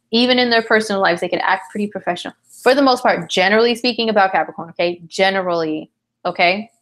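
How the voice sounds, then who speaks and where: A woman's voice: medium pitch, fairly bright tone. A tired woman hosting a casual live astrology chat, talking in a slangy, chatty way and answering viewer comments. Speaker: astrologer host.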